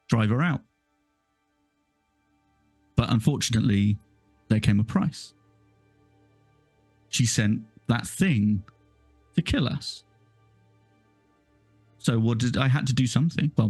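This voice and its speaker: A man voicing a scheming old village elder who talks down to people in a slow, gloating way. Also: mid-range voice, darkish tone, breathy edge, no room sound.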